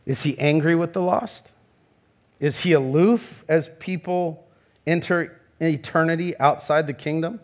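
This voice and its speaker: Earnest preaching man, higher voice. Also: a little slow. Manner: earnest, rising to emphatic questions. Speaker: pastor. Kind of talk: sermon.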